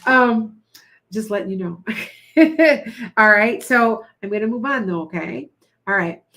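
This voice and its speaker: A middle-aged woman, a tarot reader, chatting casually with live-stream viewers, blunt and quick to laugh. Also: medium pitch, fairly bright tone. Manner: blunt, chatty, laughs often, reads viewer comments aloud.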